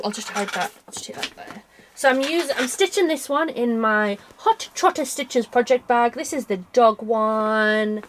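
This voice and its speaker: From her bedroom in the United Kingdom, a woman with a voice on the high side casually chats to camera about her cross stitch, rambling cheerfully and often making fun of herself along the way. A little hiss or hum runs underneath.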